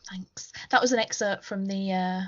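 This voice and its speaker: A woman's voice: mid-range voice, steady tone, normal speed, highs cut off. A woman co-hosting a casual podcast chat, giggly and self-deprecating, with a sweary streak. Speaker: co-host.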